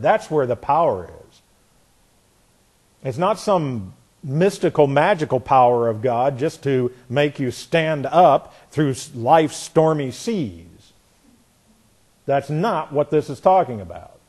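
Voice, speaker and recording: Male preacher, slightly high voice, emphatic Bible teaching, repeats phrases for weight. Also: darkish tone. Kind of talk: expository sermon.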